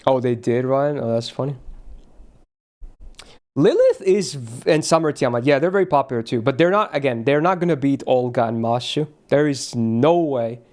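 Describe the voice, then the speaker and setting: A young man streaming a game, chatting casually in a rambling, excitable way and swearing freely. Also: medium pitch, normal speed.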